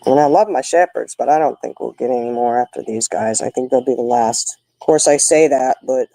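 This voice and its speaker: A woman's voice: extremely low pitch, a little fast, dark tone, no room sound, rough recording. An older woman, hosting a casual chat with viewers and telling folksy stories. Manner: folksy, chatty storytelling. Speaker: livestream host.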